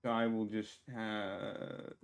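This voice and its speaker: A man's voice: lowish voice, flat delivery, takes it slowly, smooth. A man streaming a video game, chatting casually as he plays, rambling, restarting words and talking to his viewers. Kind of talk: casual gameplay commentary.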